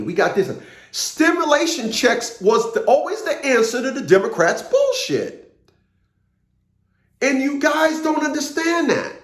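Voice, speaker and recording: Very high-pitched and recorded in an echoey room, a political commentator delivers a rambling, casual monologue. His rant is profane and full of repeated words.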